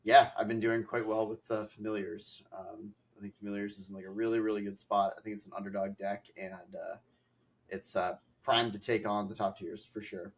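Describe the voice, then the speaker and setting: A young man hosting a podcast in a loose, rambling way, leaning on filler words as he goes. His voice sits a little low. He sounds a bit stuffy from allergies. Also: flat delivery, moderate pace. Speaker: podcast host. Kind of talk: casual chat.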